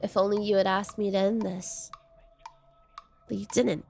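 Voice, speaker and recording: A woman voicing a sinister deity that speaks through a man's body, mocking and cruel, in a slow, hushed delivery. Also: fairly high pitch, slight background noise, close to an everyday voice. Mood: taunting.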